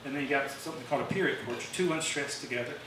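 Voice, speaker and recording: A man races through an informal songwriting presentation at a club meeting in a mid-range voice, full of fillers and restarts. The recording is distant and very echoey, made in a meeting room, with faint hiss underneath.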